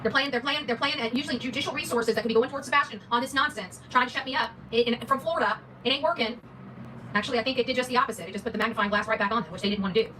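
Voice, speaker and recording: A woman livestreamer in a rambling monologue, repeating and stumbling over words, with a put-on country drawl and a pitch that swings up and down. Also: very fast, distant mic, noisy background. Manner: repetitive, stammering, pitch swings up and down.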